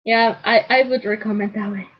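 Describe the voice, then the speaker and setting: A woman's voice: mid-range voice, steady tone, brisk. A woman co-streaming in casual chat, teasing and often stammering over her words. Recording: dull lo-fi stream audio.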